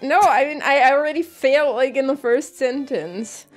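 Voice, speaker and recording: A woman's voice: high-pitched, normal speed, faint music behind. Woman, hesitant and self-deprecating. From Germany. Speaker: let's play co-host. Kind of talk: casual game commentary.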